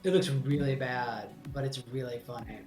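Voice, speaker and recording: A man's voice: mid-range voice, fairly even intonation, normal speed, darkish tone, roomy sound, faint music behind. A man streaming horror games, rambling through jokes and swearing as he plays. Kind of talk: casual game commentary.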